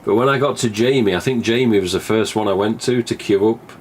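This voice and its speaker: There's slight background noise as a man from England, his pitch fairly low and his delivery fairly quick, talks on his live stream. It's a loose, chatty monologue full of casual swearing and re-enacted exchanges he recalls.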